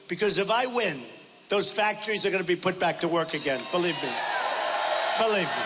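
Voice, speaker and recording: A man giving a campaign rally speech, emphatic and repetitive, hammering short punchy phrases and often shouting. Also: high-pitched, background noise. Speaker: political candidate at a rally. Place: large rally venue. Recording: rally hall reverb with crowd ambience.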